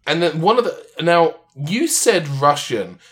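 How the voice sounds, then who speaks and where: A man's voice: on the high side, sing-song, a little slow, a bit bright. A man co-hosting a podcast, chatting casually and riffing jokingly on tangents. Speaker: podcast co-host. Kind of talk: casual chat.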